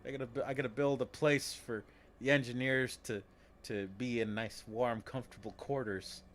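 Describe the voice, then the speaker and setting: A man's voice: medium pitch, steady tone, normal speed, a bit bright. A man streaming a game in casual commentary, rambling and joking with many restarts and repeated words.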